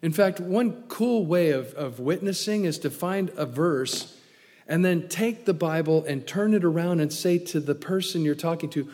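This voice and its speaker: A man preaching a sermon in a fairly high voice, telling the story with energy and acting out each quote. He swings from loud emphasis to hushed asides, and his voice trails off into the long reverb of a large church sanctuary. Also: animated, normal speed. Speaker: pastor.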